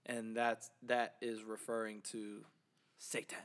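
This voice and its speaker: A man's voice: fairly low pitch, monotone, takes it slowly, a bit bright. A man co-hosting a podcast in a casual, joking chat, full of slang and repetition. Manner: loose and joking, slangy, repeats himself. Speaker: podcast co-host.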